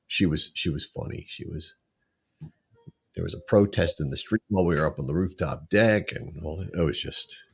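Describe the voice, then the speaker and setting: A man's voice: deep voice, normal speed, slightly rough. A man co-hosting a podcast, telling travel stories in casual chat and laughing often. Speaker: podcast co-host.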